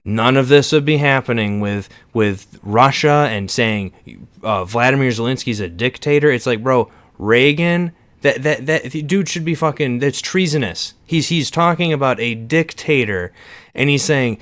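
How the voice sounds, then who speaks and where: A man's voice: medium pitch, moderate pace, dry recording. A man in a heated casual political argument with a friend, stammering and restarting, exasperated and insistent, swearing freely. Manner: swears freely, calls the other "bro" and "dude".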